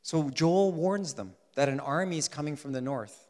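A man preaching a sermon in an animated way, swinging between loud emphasis and soft asides. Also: on the high side, normal speed. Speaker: pastor. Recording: long hall reverb.

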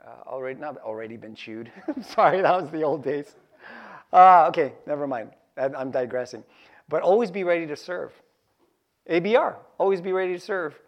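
A man preaching a sermon to his congregation, lively and jokey, repeating key phrases for emphasis. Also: fairly high pitch, moderate pace, lo-fi sound. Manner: animated, joking asides, repeats key phrases. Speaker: pastor.

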